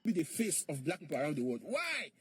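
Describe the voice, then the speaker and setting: A man's voice: fairly high pitch, wildly swooping pitch, quick pace, slightly rough, dry recording. A man in a played clip, mockingly repeating questions in an argumentative monologue.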